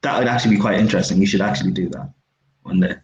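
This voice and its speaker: A young man hosting a podcast, asking questions in a quick, chatty manner. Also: on the low side, fairly even intonation, a crowd in the background. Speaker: podcast host. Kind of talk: casual interview chat. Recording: echoey lo-fi room with faint hiss.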